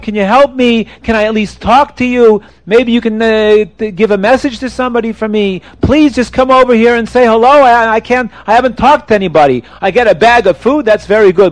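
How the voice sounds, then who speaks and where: A man voicing a lonely imprisoned king who calls out and pleads loudly for help. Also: very high-pitched, normal speed, no room sound, voice pushed up. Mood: pleading.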